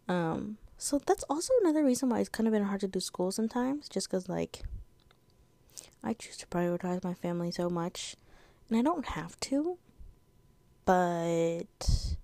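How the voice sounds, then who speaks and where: Breathless teen girl rambling, gravelly. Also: lowish voice, dark tone, no room sound. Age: teens. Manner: rambling, filler-heavy, self-correcting. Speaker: podcast host. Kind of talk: casual solo podcast chat.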